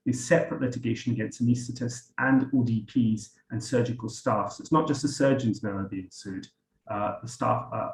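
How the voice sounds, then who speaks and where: A man, a surgeon, giving a measured medical lecture at a conference, explaining points step by step with small restarts. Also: medium pitch, a little mellow. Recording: echoey room with faint hum.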